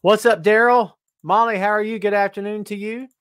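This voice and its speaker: A man's voice: high-pitched, steady tone, a little fast, a bit bright, clean tone, no room sound, clean studio sound. A middle-aged man hosting a live-streamed wrestling podcast, joking and teasing as he greets viewers by name. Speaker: podcast host. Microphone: webcam live stream.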